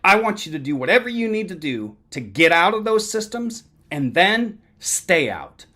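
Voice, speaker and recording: Blunt older New York mentor with a New York accent, emphatic and loud, put on by a man. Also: high voice, big pitch swings, moderate pace, full character voice.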